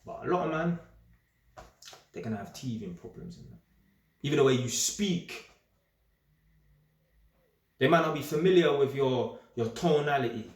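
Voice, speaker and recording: A young man speaks in a casual, streetwise monologue full of slang. He is animated and emphatic, with a middle-pitched voice. The sound carries a roomy echo. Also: normal speed, pauses often. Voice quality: streetwise slang-heavy talk. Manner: animated, emphatic, repeats himself. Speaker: vlogger. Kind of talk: casual straight-talking monologue.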